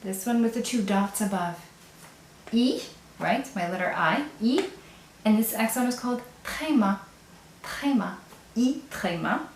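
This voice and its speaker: A woman's voice: a little high, expressive, unhurried, pauses often, a little hiss or hum. Patient woman teaching, echoey room. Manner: patient, explains step by step, often checks in with "right?". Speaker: French teacher. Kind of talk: video language lesson.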